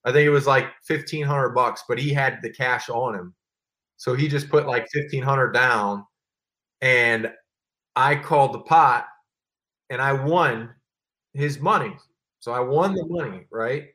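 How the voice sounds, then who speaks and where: A man in his thirties, once a pro football player, tells stories in a loose, casual way. He talks at a middle pitch, packs his speech with fillers, and acts out what other people said. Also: a little slow. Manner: animated, filler-heavy, acts out quotes. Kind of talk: casual storytelling.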